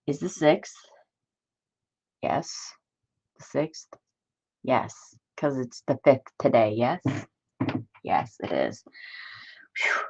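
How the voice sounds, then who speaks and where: A woman's voice: lowish voice, lo-fi sound. A woman hosting a crafting stream, venting in casual chat and answering viewers in the chat. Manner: exasperated, talks to live chat viewers. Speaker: crafting channel host.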